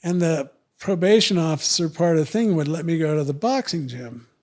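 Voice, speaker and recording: An older man sits in as a podcast guest and tells a winding story in a casual, conversational way. His voice sits a bit higher than most men's. He keeps slipping into the voices of the people he describes and lets his asides trail off quietly. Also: animated, fairly quick.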